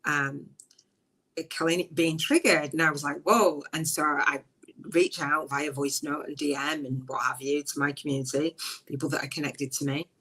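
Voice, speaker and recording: A woman hosting a live podcast, chatting casually and emotionally, rambling with restarts and breaking into high laughs. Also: level tone, normal speed, sharp tone, breathy edge, low-quality recording. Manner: frequent high bursts of laughter. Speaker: podcast host. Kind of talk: casual live-stream chat.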